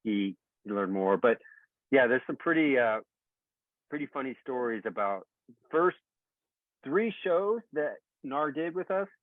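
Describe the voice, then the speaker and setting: A man hosting a casual BMX podcast, telling tour stories with animated, easy laughter. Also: medium pitch, a little slow, long pauses, no room sound. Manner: storytelling, animated, laughs easily. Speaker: show host, former BMX rider. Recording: thin phone-like sound.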